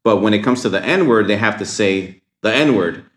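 A man's voice: lowish voice, expressive, moderate pace, a bit bright, roomy sound. A man chatting casually on a podcast, rambling and agreeable with lots of fillers. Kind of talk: casual chat.

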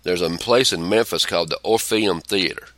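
A man's voice: deep voice, moderate pace, fairly bright tone, no echo. A middle-aged man, a podcast co-host telling rambling stories in blunt, profane casual chat.

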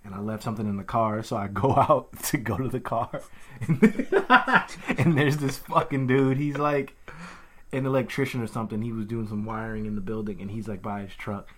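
A man's voice: on the low side, moderate pace. A man co-hosting a podcast, telling stories in casual chat, swearing freely and acting out what others said. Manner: animated storyteller, acts out others' lines, swears freely. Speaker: podcast co-host.

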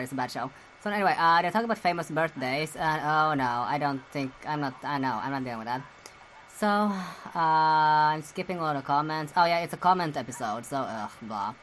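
A woman with a low voice hosts a solo commentary show. She rambles crudely, with frequent giggles, fillers and restarts. A faint noise sits under her voice. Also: low-quality recording. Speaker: podcast host.

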